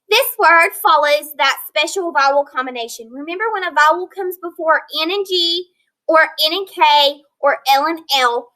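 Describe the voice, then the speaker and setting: Woman teacher doing a phonics lesson, high bright voice, slow and clear on each sound. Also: rough recording. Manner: slow, clear modeling of word sounds with praise and prompts. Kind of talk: recorded phonics lesson for young students.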